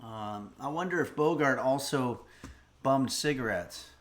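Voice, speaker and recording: A man's voice: medium pitch, lively intonation, unhurried. Rambling middle-aged man hosting a stream. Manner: rambling, musing aloud. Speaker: streamer host. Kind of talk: casual livestream chat, reading donations and a recipe.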